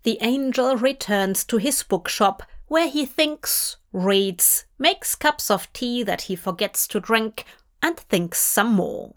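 Slow, measured woman reading fanfiction. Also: fairly high pitch. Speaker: fanfiction reader.

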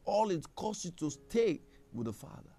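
A man preaching a sermon, emphatic, with a gravelly voice. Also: high voice, big pitch swings, normal speed, soft background music. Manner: emphatic, rising to loud scripture reading.

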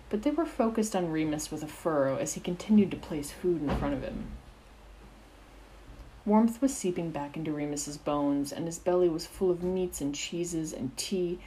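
Low, mellow woman reading a story. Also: slight background noise, rough recording. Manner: steady, expressive storytelling. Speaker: narrator. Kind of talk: reading fan fiction aloud.

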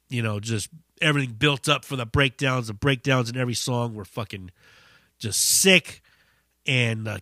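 Brief: male podcast host, swears freely while telling a story, very bright voice, dry close sound. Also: mid-range voice, no echo. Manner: profane, animated storyteller. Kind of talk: casual storytelling monologue.

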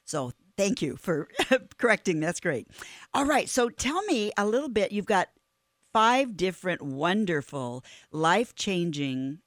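A woman interviewer with a slightly low, trained voice, talking with effusive enthusiasm in a casual faith-based chat. The sound is dry and close, with no room around it. Her praise comes in bursts between thoughtful asides. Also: sing-song, unhurried, no room sound. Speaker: interview host.

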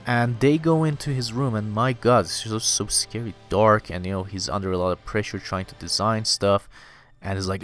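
Brief: casual male recap host, mid-pitched, rambling and chatty, faint music underneath. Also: normal speed. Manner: loose, rambling, full of "dude" and "you know". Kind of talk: casual manga chapter recap.

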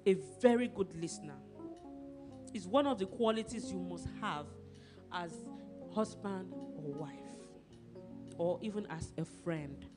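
A woman pastor giving an animated sermon, asking her listeners questions and acting out couples arguing. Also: lowish voice, unhurried, long pauses, music in the background. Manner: animated, acts out quarrels and asks the congregation questions.

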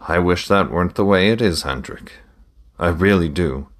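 A middle-aged trader and father, earnest and proud, talks business in a measured, matter-of-fact way, as a man reads him in an audiobook. His voice sits very low and deep. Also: natural voice. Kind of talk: audiobook reading.

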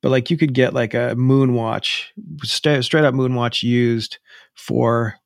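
A man co-hosting a podcast, his voice gravelly at mid pitch. He chats casually and rambles, often restarting his phrases. The sound is close and dry. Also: steady tone, slow, no echo. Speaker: podcast co-host. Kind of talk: casual chat.

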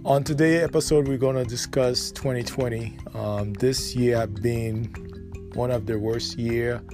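A man's voice: medium pitch, fairly even intonation, measured pace, music in the background. A man hosting a solo podcast, talking in an opinionated, repetitive way with many fillers and restarts. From United States. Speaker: podcast host.

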